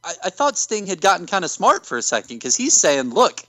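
A man's voice: sits high, huge pitch swings, brisk, pushed and bright, dry recording. A man co-hosting a podcast, chatting casually with wry jokes. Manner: wry, joking. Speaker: podcast co-host. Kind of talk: casual chat.

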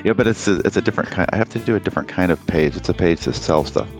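Very deep, joking casual man. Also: animated, rapid-fire, soft background music. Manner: loose, joking, sweary. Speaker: podcast co-host. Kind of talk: casual chat over a call.

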